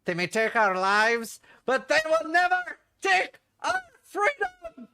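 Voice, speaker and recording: A man voicing a bold Scottish highland warrior with a put-on Scottish accent, speaking slowly and proudly. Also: huge pitch swings, creaky, pushed and bright, heavily acted. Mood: defiant. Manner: slow, proud, building to a battle cry.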